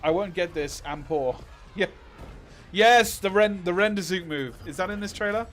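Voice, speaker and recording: Man, streamer, excitable, exclaiming, slightly high pitch, live reaction stream. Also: moderate pace.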